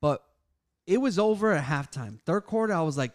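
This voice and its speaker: A man co-hosting a casual podcast, telling a story with lively, loud acted-out quotes. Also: fairly high pitch, normal speed. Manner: animated storyteller, acts out quotes loudly. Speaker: podcast co-host. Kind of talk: casual chat.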